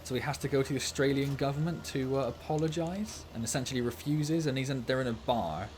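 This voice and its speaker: A man's voice: mid-range voice, fast talker, darkish tone, a little hiss or hum. Chatty, jokey male game streamer. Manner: chatty, jokey, laughs easily. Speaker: gaming streamer. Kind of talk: casual livestream gameplay chat.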